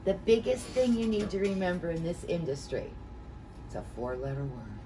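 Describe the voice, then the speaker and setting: A middle-aged woman leads a training class in a chatty, anecdotal way, with a somewhat low voice. She is picked up from a distance, with clear background noise in the room. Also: big pitch swings, moderate pace. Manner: folksy, anecdotal, chatty storytelling. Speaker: real estate trainer.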